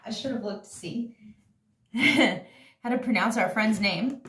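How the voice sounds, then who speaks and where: A woman's voice: a little high, takes it slowly, fairly bright tone, distant mic. Woman dance instructor, casual and chatty, counts beats aloud, recorded off-mic in a very echoey room.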